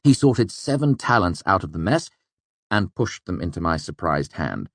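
A man's voice: low voice, normal speed, no room sound. A man reading a first-person novel aloud as an audiobook narrator. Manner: expressive first-person storytelling. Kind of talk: scripted narration.

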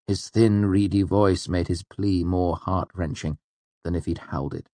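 A man reading a novel aloud as narrator, in a measured, even storytelling manner. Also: sits low, no room sound. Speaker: audiobook narrator. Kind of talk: scripted narration.

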